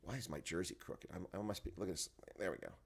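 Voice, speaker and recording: A man's voice: sits low, fast talker, creaky, breathy edge. A man hosting an early-morning rugby live stream from home, rambling to his chat viewers and sounding tired and groggy at his desk microphone. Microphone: desk microphone, volume turned up.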